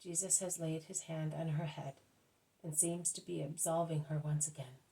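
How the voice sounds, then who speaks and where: A woman reading a devotional book aloud at a careful, measured pace, now and then correcting herself. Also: sits low, fairly even intonation, creaky, warm tone, low-quality recording. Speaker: audiobook reader.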